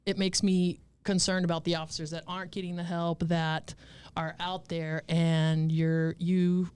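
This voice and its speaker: A woman's voice: on the low side, flat delivery, measured pace, a little mellow, clean tone. A woman police officer telling candid stories as a guest, talking bluntly, swearing freely and laughing as she goes. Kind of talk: candid conversational storytelling.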